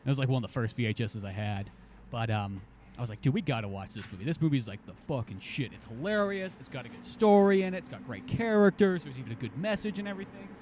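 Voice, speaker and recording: A man's voice: medium pitch, fast talker, slight background noise. A man co-hosting a podcast in casual chat, telling stories and acting out the lines he quotes. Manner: animated storyteller, acts out quoted lines. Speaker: podcast co-host.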